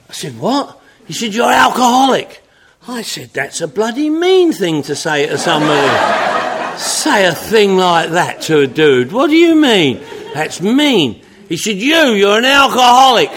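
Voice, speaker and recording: A man's voice: high voice, fairly bright tone. A man speaking to an audience at a recovery meeting, telling his story in a folksy, drawling, joking way with lots of repetition.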